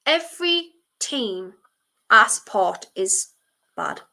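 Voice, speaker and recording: A young woman from Durham, England, with a toned-down mix of North East English accent, speaks at a normal speed in a slightly high, pushed, bright voice. On a casual football watchalong stream she reads viewer comments and answers bluntly, swearing mildly now and then.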